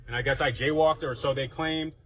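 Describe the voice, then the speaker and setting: A man's voice: a little high, fairly even intonation, a little fast, fairly bright tone, far from the mic, highs cut off, slight background noise. A man from New York recounting a police stop while driving, speaking frankly and still rattled. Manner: nervous, then frank and rattled. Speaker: person stopped by police, then recounting it. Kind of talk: phone recording and driving vlog. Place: street, then in a car. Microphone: phone.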